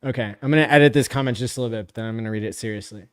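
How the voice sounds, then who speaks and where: A man hosting a live stream, reading viewer comments out loud in a blunt, sarcastic, casual way. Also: medium pitch, rapid-fire, clean tone. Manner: blunt, sarcastic, profane, often laughing.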